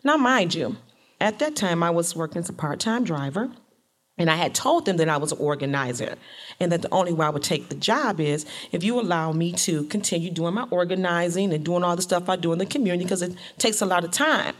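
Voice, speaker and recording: A middle-aged woman from Detroit telling a personal story to an audience in a lively, colloquial way. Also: on the low side, brisk.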